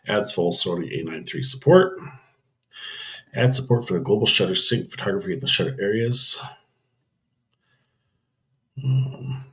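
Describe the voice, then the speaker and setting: A man hosting a casual live stream, rambling through camera news and thinking aloud with frequent ums and restarts. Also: fairly low pitch.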